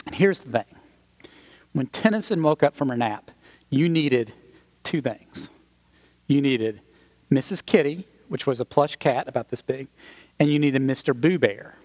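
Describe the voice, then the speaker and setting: A man preaching a sermon, telling a personal story in a conversational, animated way with asides to the congregation. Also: mid-range voice, unhurried, long pauses.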